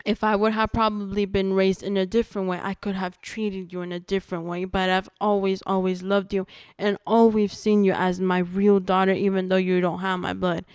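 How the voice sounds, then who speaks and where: A young woman, a podcast guest, telling a personal testimony in casual conversation, earnest and halting with restarts. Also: mid-range voice, level tone, darkish tone, clear, resonant tone, no room sound, studio quality.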